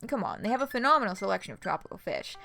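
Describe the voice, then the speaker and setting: A woman's voice: medium pitch, big pitch swings, very fast, gravelly, bright, forceful tone, soft background music. A woman in her twenties giving candid, self-deprecating commentary on a game she is streaming, swearing casually as she goes. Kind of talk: casual let's-play commentary.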